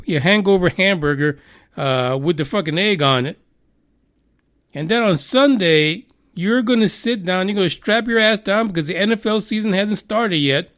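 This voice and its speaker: A man with a high, fairly bright voice hosts a podcast news show. He reads a story while laughing, offering crude, mocking commentary and swearing freely.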